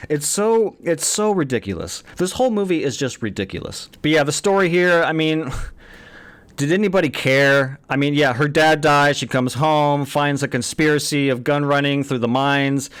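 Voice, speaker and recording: Man in his thirties, fairly high voice, casual movie review, blunt, swears a lot, exasperated rhetorical questions. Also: normal speed, fairly bright tone.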